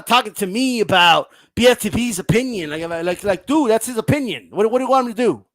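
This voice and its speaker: Casting: high-pitched male streamer, blunt profane ranting, dry close sound. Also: fairly bright tone, dry recording. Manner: profane, blunt, ranting, reads viewer comments aloud. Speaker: boxing livestream host. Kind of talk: casual livestream rant.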